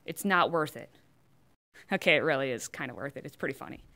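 A woman's voice: low voice, animated, brisk, sharp tone. A woman hosting scripted political commentary, delivering it with sarcastic, mocking asides.

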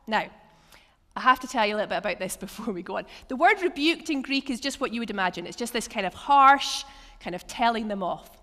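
A woman preacher leading an interactive church teaching session, telling Bible stories with animated asides and acted-out lines. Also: fairly high pitch, brisk. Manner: lively, animated storytelling with acted quotes and laughs. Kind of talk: interactive sermon with table activities. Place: church hall. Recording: long church hall reverb.

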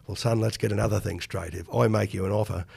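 A man putting on a gruff, imperious older male business tycoon who talks down curtly. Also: fairly low pitch, steady tone, fast talker, a little mellow, pitched below the performer's own voice, full character voice. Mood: commanding. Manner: curt, commanding, talks down.

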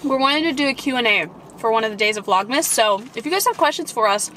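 A woman's voice: on the high side, lively intonation, quick pace, sharp tone. Bubbly young woman vlogging on a street. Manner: bubbly, giggly, talks to camera. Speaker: vlog co-host. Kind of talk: casual vlog chat. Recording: outdoor camera audio with street noise.

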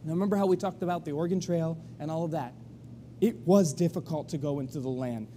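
This fast-talking pastor preaches to his congregation in the sanctuary, his high voice also very dark and mellow. Full of energy, he narrates the story and voices the crowd himself. Under the live-stream sound there's a faint hum.

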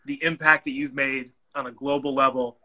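A man's voice: mid-range voice, level tone, normal speed, pushed and bright, rough recording. A man hosting a podcast interview, asking earnest, reflective questions. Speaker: podcast host.

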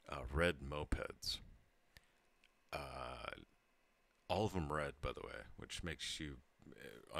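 A man's voice: extremely low pitch, gravelly, pushed and bright. A tipsy man in his thirties telling a rambling story to his channel, laughing and breaking off mid-sentence. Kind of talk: casual storytelling monologue.

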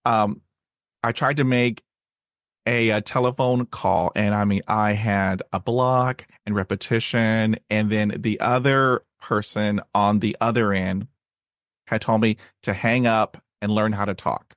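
A man who stutters, hosting a podcast and sharing his own experience in a halting way, with many fillers and repeated words. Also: on the low side, fairly even intonation, fairly bright tone, no room sound, clean studio sound. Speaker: podcast host. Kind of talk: casual conversation.

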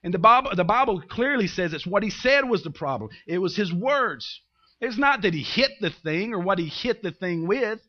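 A man's voice: high-pitched, animated, normal speed, highs cut off. A man preaching a sermon as pastor, telling the story with humor and acting out the characters.

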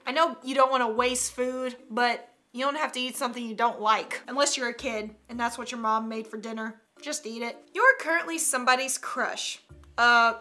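A young woman with a high, bright voice chats through a meme reaction vlog. She is giggly and playfully sassy, talking straight to her viewers. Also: normal speed. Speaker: YouTube host.

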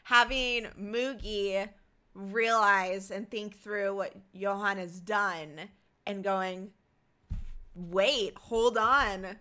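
A woman's voice: mid-range voice, steady tone, slow, sharp tone, smooth. A woman co-hosting a podcast, talking casually and eagerly about a manga. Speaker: podcast co-host. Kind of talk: casual book club chat.

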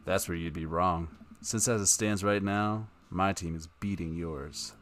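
A man's voice: deep voice, unhurried, a bit bright, slight background noise. A man doing a smug brooding bar regular. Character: brooding middle-aged male sports fan, smug rival.

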